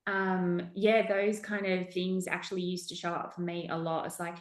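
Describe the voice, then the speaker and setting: A woman hosting a podcast, chatting in a relaxed, agreeable way. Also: medium pitch, normal speed, few pauses. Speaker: podcast host. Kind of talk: casual podcast chat. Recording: roomy echo.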